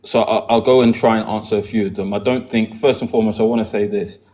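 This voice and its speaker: Soft-spoken British-accented man. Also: lowish voice, fairly even intonation, slight background noise. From United Kingdom. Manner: measured, conciliatory, stammers on restarts. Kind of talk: conversational debate.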